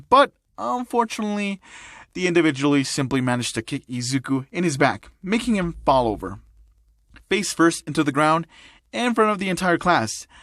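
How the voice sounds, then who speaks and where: A man's voice: medium pitch, a bit bright, no room sound, clean studio sound. A man narrating a fan-made audio story in a plain reading manner. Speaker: narrator and voice actor.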